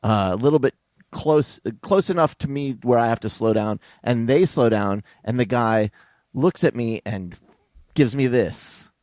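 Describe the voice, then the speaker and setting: A man's voice: mid-range voice, unhurried, darkish tone, no room sound, clean studio sound. A man guest on a comedy podcast, telling a rambling, profane anecdote. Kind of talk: casual podcast chat over video call.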